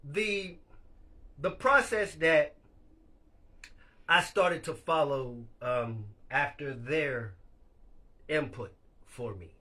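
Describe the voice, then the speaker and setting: A man's voice: on the high side, very slow, pauses often, pushed and bright. A man hosting a casual live chat, talking candidly and loosely, laughing often and swearing freely. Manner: speaks of being a leader. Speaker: live stream host.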